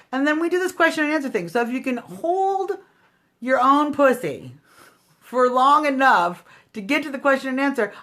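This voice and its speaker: A woman with a slightly high voice hosts a casual live stream and talks straight to her viewers. She is snarky and combative, firing back at critics. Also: fairly bright tone. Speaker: livestream host. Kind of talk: casual political livestream chat.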